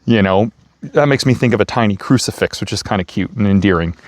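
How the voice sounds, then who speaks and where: A man giving a casual motivational talk, gentle and playful, chuckling as he stresses words. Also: fairly low pitch, fast talker, no echo, studio quality. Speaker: self-help speaker. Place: outdoors feeding raccoons.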